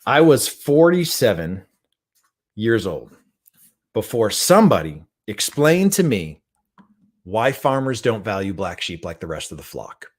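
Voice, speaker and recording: A middle-aged man giving a motivational talk, telling a story in an animated, conversational way and often checking in with the listener. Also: lowish voice, measured pace. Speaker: guest trainer and speaker.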